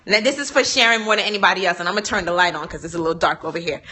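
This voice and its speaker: Lady chatting on a phone livestream, super bright voice, playful and teasing, laughs a lot. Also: lowish voice, very fast, hardly any pauses. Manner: playful, laughing, teasing, uses y'all and ain't. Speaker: speaker and trainer hosting a livestream. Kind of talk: casual livestream chat to viewers.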